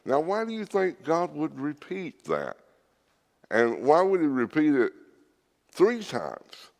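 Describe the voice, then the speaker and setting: Male preacher, slow emphatic sermon delivery, animated pitch, church hall reverb. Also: gravelly. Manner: earnest, emphatic teaching with scripture readings.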